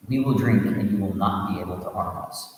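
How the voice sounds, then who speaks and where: A low-voiced man reads a teaching story as a sermon, breaking off for asides and restarting lines. His voice comes from a distant mic in a room full of long, echoing reverb. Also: fairly quick, darkish tone, slight background noise. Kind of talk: storytelling sermon reading a Buddhist tale.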